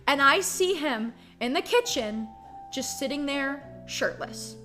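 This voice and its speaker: A young woman streamer telling a story in a casual, animated and profane way, full of "like". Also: high-pitched, takes it slowly, music in the background.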